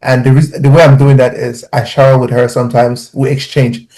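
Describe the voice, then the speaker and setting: A man, a father on a podcast panel, telling personal stories in an animated, heartfelt way. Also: mid-range voice, brisk, low-quality recording. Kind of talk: casual podcast discussion.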